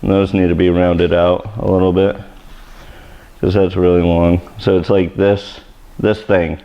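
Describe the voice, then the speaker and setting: Joking, gravelly-voiced hairstylist man. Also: deep voice, level tone, a little slow, highs cut off. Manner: joking, self-deprecating, rambling. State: sweaty. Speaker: hairstylist host. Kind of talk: live haircutting tutorial chat. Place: hair salon education studio.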